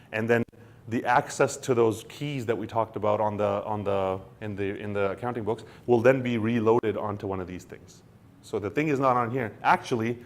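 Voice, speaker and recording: A man hosting a casual explainer, talking in an animated way with many restarts and acting out quoted lines. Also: medium pitch. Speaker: co-host explaining crypto wallets.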